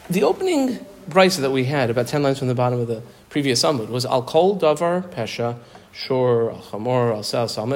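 Animated man teaching Talmud. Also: mid-range voice. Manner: animated, conversational, playful examples mixed with text reading. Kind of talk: Talmud class lecture.

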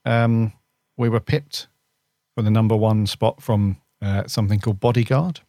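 A man's voice: on the low side, steady tone, moderate pace, mellow, no echo, studio quality. A man co-hosting a podcast, talking casually and hesitantly, correcting himself as he goes. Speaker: podcast co-host. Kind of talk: casual chat.

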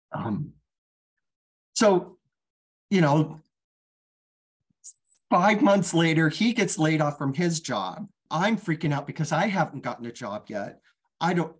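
A woman's voice: extremely low pitch, darkish tone. A middle-aged woman telling her own life story candidly as a guest, frank and casual, swearing freely.

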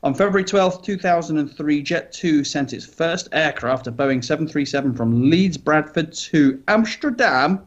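A man's voice: a little high, lively intonation, normal speed, hardly any pauses, muffled recording. A man co-hosting a podcast, reading news items aloud with chatty asides and light jokes. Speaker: podcast co-host.

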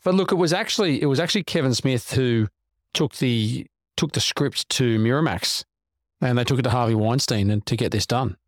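Quick male co-host, dry close mic, runs through film facts at speed. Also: medium pitch, dry recording. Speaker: podcast co-host. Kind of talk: casual chat.

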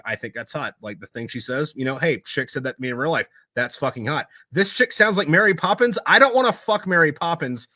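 A man's voice: mid-range voice, sharp tone, dry recording. A man talking casually as a podcast guest, rambling and cursing as he tells his stories. His voice sits mid-range and the recording is close and dry, with no room sound. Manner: loose, profane, rambling storyteller.

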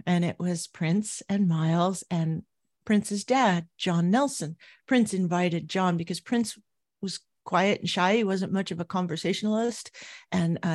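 A middle-aged woman recounting memories as an interview guest, telling her story vividly and growing animated at its high points. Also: no room sound, studio quality.

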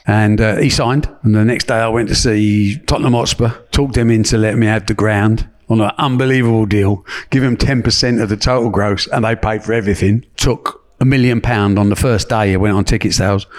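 A man in his seventies, a guest, telling lively colloquial stories and acting out the dialogue. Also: lowish voice, brisk. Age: 70s. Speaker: guest, sports promoter. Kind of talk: anecdotal storytelling.

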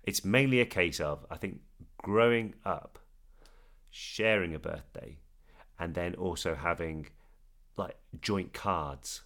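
This is a man co-hosting a casual podcast, speaking in a somewhat low male voice. He talks animatedly, laughs easily and often restarts his sentences as he goes. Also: slow pace, fairly bright tone. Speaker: podcast co-host. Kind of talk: casual chat.

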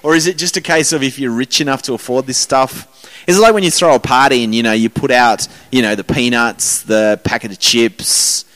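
A man's voice: medium pitch, a little fast, a bit bright. A man telling rambling, self-mocking stories as a podcast host in casual chat.

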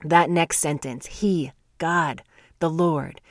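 A woman hosting a devotional podcast. She talks earnestly, stretches key words out slowly and laughs often. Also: low voice, steady tone, dry recording. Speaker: podcast host.

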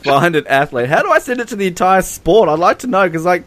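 Young male podcast co-host, sarcastic, laughs a lot, lively up-and-down pitch, slightly high. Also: fast talker. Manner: laughs often, sarcastic, reads fan messages aloud mockingly. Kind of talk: casual chat.

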